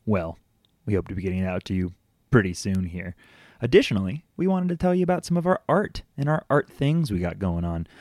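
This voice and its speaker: A man's voice: fairly low pitch, warm tone, dry recording, clean studio sound. A man who is the game master and host of a tabletop podcast, giving casual announcements in a friendly, jokey, easygoing way from his home basement.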